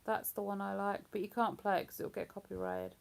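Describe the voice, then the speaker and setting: A woman's voice: medium pitch, very animated, brisk, vocal fry. A woman hosting a livestream in casual, rambling chat. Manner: rambling, chatty, breaks into hummed tunes. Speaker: livestream host.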